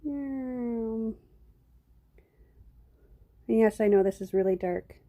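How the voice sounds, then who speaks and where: A woman's voice: fairly high pitch, very slow, mellow. A middle-aged woman hosting a live painting stream, chatting casually and rambling to viewers while she works, with hiccups. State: has hiccups. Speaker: live-stream craft host.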